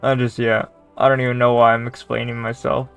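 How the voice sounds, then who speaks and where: A man's voice: mid-range voice, level tone, a little fast, clean tone, faint music behind. A man, a gaming video creator, ranting casually with lots of swearing, sarcasm and exasperation. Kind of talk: casual rant to camera.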